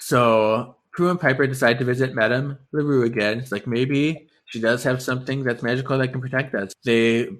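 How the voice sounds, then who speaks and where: A man co-hosting a podcast, retelling a book's plot in a chatty, animated way full of "like" and quick asides. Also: mid-range voice. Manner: animated storytelling full of "like" and laughter. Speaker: podcast co-host. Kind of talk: casual chat retelling a book.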